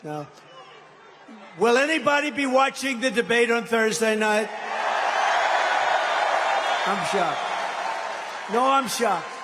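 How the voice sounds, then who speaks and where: A man's voice: very high voice, animated, slow, long pauses, noisy background. An older man speaking as a political candidate at a campaign rally, rambling and mocking, teasing the crowd with asides. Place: large rally hall with crowd. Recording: long hall reverb, faint ambience.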